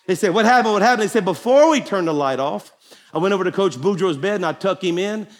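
A man's voice: high-pitched, animated, fast talker. A man preaching a folksy, joking sermon to a conference crowd in a large hall. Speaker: pastor. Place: large hall with live audience. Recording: long hall reverb, faint crowd and noise.

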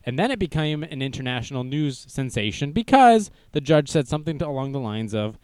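Animated young man hosting a news stream. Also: medium pitch, fairly quick, clean tone, dry recording. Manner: animated, joking, self-deprecating. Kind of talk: casual livestream news commentary.

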